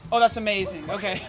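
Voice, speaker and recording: Laughing, excitable young man streaming. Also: high voice. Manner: excitable, self-mocking, laughs often, talks to chat. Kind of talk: casual live-stream chat while gaming.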